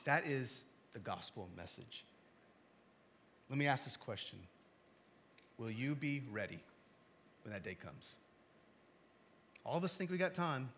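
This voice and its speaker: A man preaching a sermon to a congregation, talking conversationally with small jokes and asides, then dropping to hushed, low emphasis before rising again. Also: slight background noise. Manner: swings from loud emphatic to hushed low delivery. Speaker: pastor. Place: church hall with congregation.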